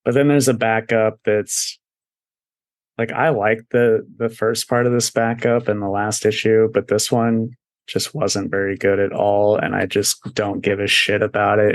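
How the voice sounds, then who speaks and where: A man co-hosting a comics podcast in easy, unhurried chat, laughing often and swearing freely. His voice sits a bit low and moves at a slow pace. The recording is dry and close, with no room sound. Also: level tone, no echo. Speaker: podcast co-host. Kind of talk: casual comic review chat.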